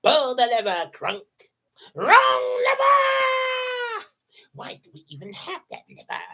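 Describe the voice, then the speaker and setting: A man's voice: very high voice, huge pitch swings, takes it slowly, bright, forceful tone, raised voice, voice pushed up, full character voice. A man doing a shrieking cartoon villainess. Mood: scheming. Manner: shrieks and hisses. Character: shrieking vain villainess, older woman. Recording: dull lo-fi sound.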